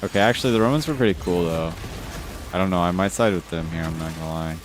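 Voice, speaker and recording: A man streaming live, ranting casually with lots of swearing while reading chat comments. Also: fast talker. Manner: ranting, frequent swearing, rising exasperated pitch. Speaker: livestreamer.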